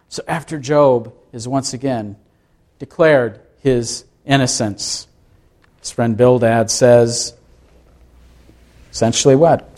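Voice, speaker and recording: Male pastor, slow and emphatic, questions his congregation in a sermon. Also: medium pitch, fairly even intonation, a little mellow.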